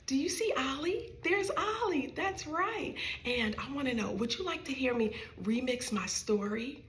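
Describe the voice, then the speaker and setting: Woman, high-ish voice, animated storybook read-aloud, sing-song, playful, echoey library room. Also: moderate pace, a little hiss or hum. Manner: sing-song, playful, talks straight to little listeners. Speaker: children's book author reading aloud. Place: children's library.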